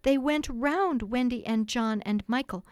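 A woman's voice: on the high side, a little slow, clean tone, dry recording, studio quality. Woman reading a storybook aloud. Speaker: audiobook reader. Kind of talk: storybook narration.

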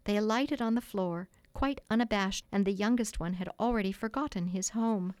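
A woman reads a classic children's story in a gentle, measured way. Her voice sits mid-range, and the recording is dry and close. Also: medium pitch, dry recording. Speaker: audiobook reader. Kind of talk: storybook narration.

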